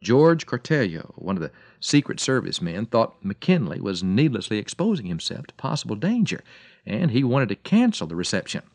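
A man giving a radio devotional, telling a story dramatically and slowing and softening his voice for emphasis. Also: mid-range voice, big pitch swings, dry recording. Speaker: radio preacher.

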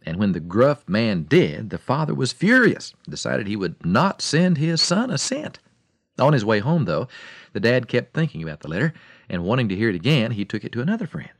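A man giving a radio devotional talk as a preacher, telling stories dramatically and swinging between loud and soft delivery. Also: mid-range voice, very animated, moderate pace, no room sound.

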